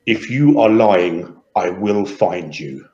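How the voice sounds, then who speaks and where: A man playing a menacing red-eyed warrior who speaks in a low, dragged-out growl. The voice comes through slow and heavy. The sound is dull and echoey, heard from a distance. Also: lively intonation, a little mellow. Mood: threatening. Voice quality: deep, slow and threatening. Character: menacing male warforged-like fighter with red eyes.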